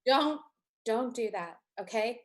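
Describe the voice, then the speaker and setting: Woman improvising a pushy, sweary young woman, kinda high, always accusing. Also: expressive, takes it slowly. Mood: suspicious. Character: suspicious, hot-tempered young woman. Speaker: improv performer. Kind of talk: improvised comedy scene.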